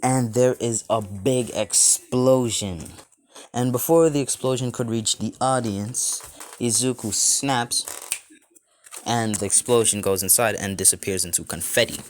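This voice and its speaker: A man's voice: medium pitch, a little slow, slight background noise. A young man improvising a fan fiction story, rambling and restarting sentences as he goes.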